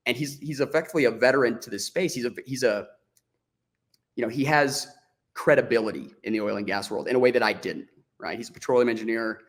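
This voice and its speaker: Man, podcast guest, rapid speech, gravelly creak, casual animated storytelling, acts out dialogue, restarts sentences. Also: mid-range voice. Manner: frequent restarts and "like" fillers.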